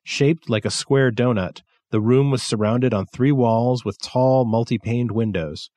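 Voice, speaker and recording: A man narrating a science fiction story in a measured, steady reading style. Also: medium pitch, no echo, clean studio sound. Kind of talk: scripted narration.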